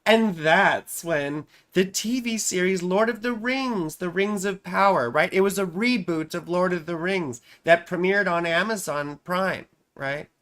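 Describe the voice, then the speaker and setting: A woman's voice: fairly low pitch, unhurried, hardly any pauses, fairly bright tone. A woman astrologer hosting a casual live stream. She talks in a chatty, self-amused way, often repeating her phrases and tossing in "right?".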